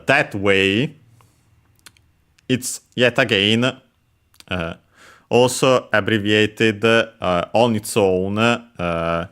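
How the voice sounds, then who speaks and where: A man teaching Japanese vocabulary while playing a game, explaining carefully in halting phrases full of pauses and fillers. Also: on the low side, fairly bright tone, smooth. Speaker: language teacher.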